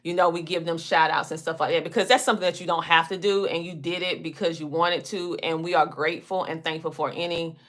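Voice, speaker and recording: Southern lady with a twang, bright voice, just chatting to her viewers like a podcast host. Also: on the low side, fairly even intonation, quick pace, hardly any pauses. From small country town in the US South. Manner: chatty storytelling, down-home phrasing. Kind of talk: casual chat.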